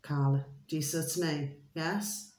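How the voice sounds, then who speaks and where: A low-pitched woman rambles through a casual vlog, leaning on fillers and a fond pet phrase for her viewers. Her talk drifts loosely from point to point. The recording has a noticeable roomy echo. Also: fairly even intonation, moderate pace, a little mellow. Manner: chatty, repetitive, keeps saying "my delicious little babies"; loose and digressive with many fillers. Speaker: vlogger. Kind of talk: rambling casual monologue to camera.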